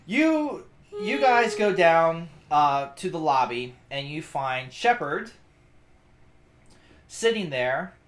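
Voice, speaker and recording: A man's voice: a little high, sing-song, slow pace, slight background noise. A man running a tabletop game as game master, narrating scenes in a casual, easy way. He laughs often and breaks off to explain the rules to his players.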